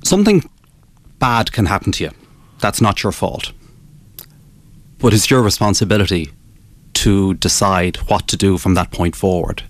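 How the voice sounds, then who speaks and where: A man, a business author interviewed as a guest, explaining his ideas in a measured way with frequent restarts. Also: sits low, lively intonation. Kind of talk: radio interview.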